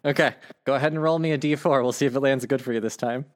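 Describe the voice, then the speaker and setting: A man's voice: medium pitch, fairly even intonation, fast, slight background noise. A man acting as game master, explaining rules casually and swearing now and then. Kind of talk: running a tabletop game.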